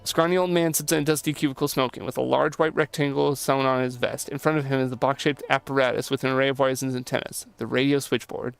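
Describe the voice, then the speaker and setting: A man's voice: mid-range voice, fairly even intonation, quick pace, vocal fry, hardly any pauses, smooth, soft background music. A male streamer reading game dialogue aloud, with blunt, profane joking asides.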